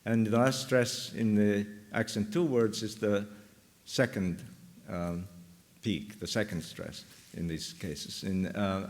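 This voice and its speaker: Lower-voiced man in a reverberant hall. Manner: explanatory, with frequent ums. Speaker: lecturer answering questions. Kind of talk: academic Q&A answer. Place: lecture hall.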